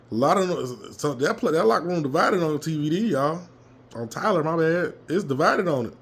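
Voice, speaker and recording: A man telling a fired-up story from a football game he attended, his voice a little hoarse, swearing freely and jumping into loud reenactments. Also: medium pitch. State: slightly hoarse. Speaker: fan commentator. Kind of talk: casual fan rant.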